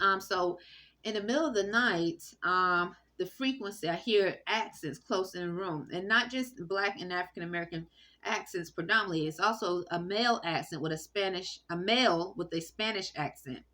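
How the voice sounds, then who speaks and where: Woman, bright tense tone, rambling phone-vlog monologue, halting with fillers and restarts. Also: on the low side. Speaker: vlogger. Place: indoor room. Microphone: phone recording.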